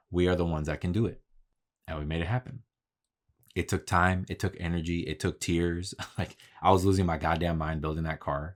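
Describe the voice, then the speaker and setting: A man talking in a casual, candid vlog monologue, swearing freely and telling stories about his work. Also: extremely low pitch. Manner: profane, candid, talks through stories. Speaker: vlogger.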